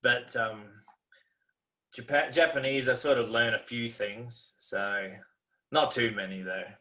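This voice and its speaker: A man's voice: mid-range voice, fairly even intonation, takes it slowly, pushed and bright. An Australian man chatting casually over a video call, easygoing and rambling, laughing often. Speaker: guest.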